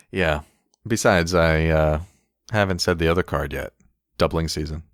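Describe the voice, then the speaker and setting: Deep-voiced wry man on a podcast. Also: slow, a bit bright, dry recording, studio quality. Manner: wry, laughs often, reads card text aloud. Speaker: podcast co-host. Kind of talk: casual chat reviewing game cards.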